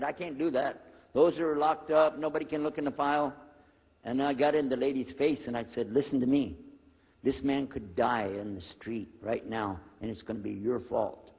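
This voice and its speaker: A man's voice: fairly high pitch, breathy edge. Older man telling a story in a hall. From United States. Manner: animated storyteller, acting out dialogue. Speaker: former preacher telling his conversion story. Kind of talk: storytelling talk to an audience. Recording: dull lo-fi recording in a reverberant hall.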